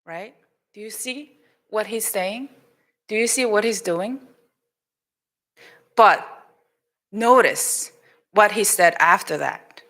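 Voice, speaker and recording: A woman with a Korean accent giving a children's sermon in a church, telling a Bible story in an animated way, acting out the people in it and switching between English and Korean. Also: medium pitch, takes it slowly, pauses often. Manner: animated, acts out quoted lines. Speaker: pastor. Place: church sanctuary.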